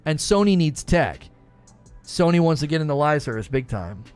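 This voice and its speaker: Guy streamer rambling about games, kinda high voice, quiet music behind. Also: very animated, moderate pace, smooth. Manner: rambling, joking, repeats himself. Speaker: gaming streamer host. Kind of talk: casual live-stream commentary.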